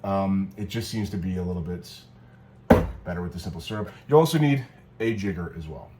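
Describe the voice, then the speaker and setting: In a very noisy recording, a man with a deep voice talks a little fast while he mixes a cocktail at home. He's the co-host of a cocktail video, and his casual chat rambles, full of jokes and self-corrections.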